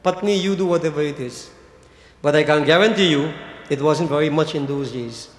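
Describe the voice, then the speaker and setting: Priest preaching in an echoey hall. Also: male voice, fairly high pitch, fairly quick, a little hiss or hum. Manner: preaching, repeats key words, addresses listeners as devotees. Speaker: Hindu priest. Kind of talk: sermon.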